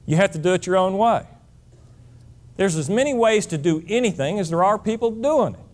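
A man's voice: high voice, animated, fairly quick, darkish tone. A middle-aged man giving a motivational speech, blunt and emphatic, lecturing his listeners. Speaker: motivational speaker.

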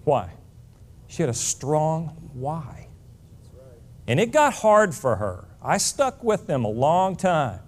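A man's voice: a little high, sing-song, slow pace, darkish tone. Blunt, emphatic middle-aged male speaker. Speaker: motivational speaker. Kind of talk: motivational speech.

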